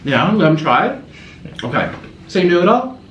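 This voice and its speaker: Casual food vlogger guy, kinda high voice, roomy echo, chats away and coos at his pet. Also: sing-song, unhurried, fairly bright tone, highs cut off. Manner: chatty, coos at his pet between bites. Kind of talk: casual mukbang chat to camera. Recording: echoey room with faint noise.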